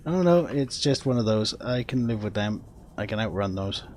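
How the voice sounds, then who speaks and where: A man's voice: fairly low pitch, lively intonation, normal speed, a little mellow, slight background noise. Chatty Welsh man streaming a game. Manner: chatty, laughs often, talks to viewers. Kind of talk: casual gameplay commentary.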